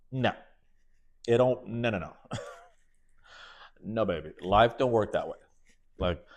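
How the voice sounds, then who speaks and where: A man talks alone into his podcast mic in a loose, sassy, campy way. He calls his listeners baby and honey and laughs often as he tells his story. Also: medium pitch. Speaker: podcast host. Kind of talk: casual solo podcast monologue.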